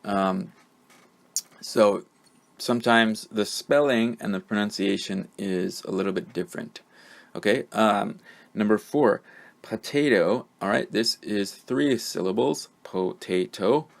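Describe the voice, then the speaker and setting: A man teaching English pronunciation, patiently saying each word twice, with pauses and fillers between them. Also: on the low side. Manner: patient, repeats words clearly with fillers. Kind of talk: slow, careful teaching.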